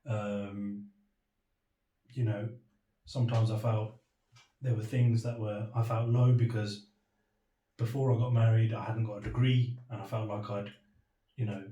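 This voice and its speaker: A man's voice: fairly low pitch, flat delivery, measured pace, long pauses, mellow, dull audio. A young British man telling his personal story in an interview, reflective and candid, acting out the dialogue he remembers in quoted voices. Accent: British English. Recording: echoey room, voice from a distance.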